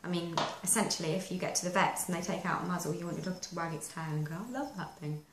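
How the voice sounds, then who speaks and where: In an instructional video recorded in an echoey room with faint noise, a woman dog trainer talks very fast with little pitch movement in her lowish voice. She chattily walks through practical steps.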